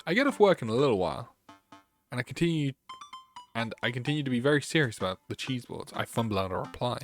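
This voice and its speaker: Man, game streamer, lively up-and-down voice, reads game text aloud, faint music behind. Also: medium pitch, fast. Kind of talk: gaming livestream chat.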